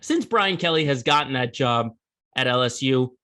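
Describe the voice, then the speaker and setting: A man's voice: medium pitch, lively intonation, moderate pace, sharp tone. A man hosting a sports podcast, giving opinionated, conversational commentary with emphatic bursts.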